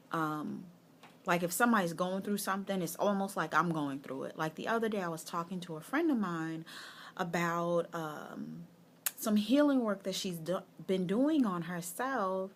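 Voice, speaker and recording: A woman's voice: on the low side, expressive, slow pace. Chatty woman coach talking to camera. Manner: warm, chatty and encouraging, addressing viewers directly. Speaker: life coach. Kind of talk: casual motivational vlog.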